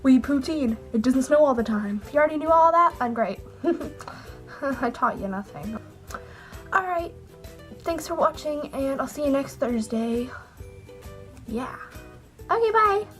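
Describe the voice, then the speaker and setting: High-pitched girl rambling to camera, goofy and scattered, kinda sick sounding. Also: expressive, a little slow, long pauses, faint music behind. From Canada. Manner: chatty, rambling, jokey. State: slightly sick with a cold. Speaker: vlogger. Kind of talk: casual chat to camera.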